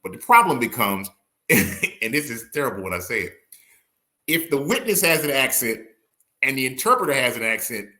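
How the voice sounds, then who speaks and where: A man, an attorney and former prosecutor, talking casually in an interview and acting out courtroom exchanges in quick bursts. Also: mid-range voice, sing-song, sharp tone.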